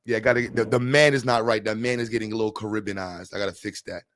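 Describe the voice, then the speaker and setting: A man livestreams, chatting loosely and profanely with his viewers and joking around as he talks to his chat. His voice is on the low side, steady, quick and fairly bright, recorded dry with clean studio sound.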